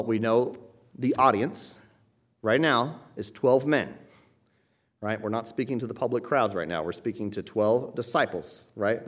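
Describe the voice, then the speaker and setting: A man delivering a teaching sermon in an explanatory manner. He works through a passage carefully, often checking in with his listeners. When he quotes scripture, he lifts his voice for emphasis. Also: mid-range voice. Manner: explanatory, checks in with "okay?" and "right?". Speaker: preacher.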